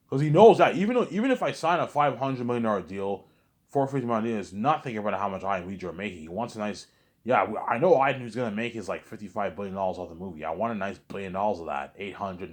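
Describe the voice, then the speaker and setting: A man rambling in a casual vlog monologue, boastful and repetitive, swearing freely. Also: lowish voice. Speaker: vlogger.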